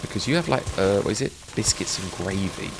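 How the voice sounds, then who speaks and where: A man's voice: low-pitched, animated, fairly quick, noisy background. A middle-aged man with an English accent, chatting casually with his live-stream audience while he plays a game, reminiscing and laughing often.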